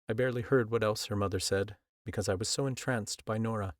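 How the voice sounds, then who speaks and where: Low-voiced male audiobook narrator. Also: steady tone, dry recording, studio quality. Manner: measured, earnest storytelling. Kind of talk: scripted first-person audiobook narration. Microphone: close studio mic.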